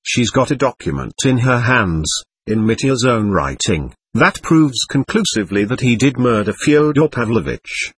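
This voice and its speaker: A man reading an irritable, contemptuous young man in a storybook, with a husky, lively voice. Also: medium pitch, normal speed. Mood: bitter.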